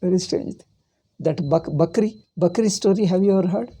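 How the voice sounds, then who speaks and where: A man teaching a spiritual philosophy class, rambling through anecdotes and rhetorical questions in an emphatic, animated way. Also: high-pitched, a little fast, husky. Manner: animated and emphatic, often laughing at his own points. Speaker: Vedanta teacher. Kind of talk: lecture.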